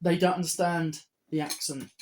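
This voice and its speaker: A woman's voice: fairly low pitch, fairly even intonation, normal speed, a little mellow, a little hiss or hum. A woman co-hosting a podcast in casual chat, making dry, wry quips. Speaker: podcast co-host.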